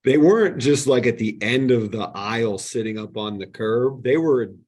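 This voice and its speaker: Husky man telling animated stories. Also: mid-range voice, normal speed. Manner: animated storyteller, acts out quoted exchanges. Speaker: podcast guest. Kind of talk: casual storytelling chat.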